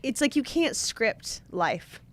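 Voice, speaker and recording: A woman's voice: fairly high pitch, sing-song, slow pace. A woman co-hosting a podcast in casual chat, speaking earnestly and encouragingly and laughing often. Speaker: podcast co-host.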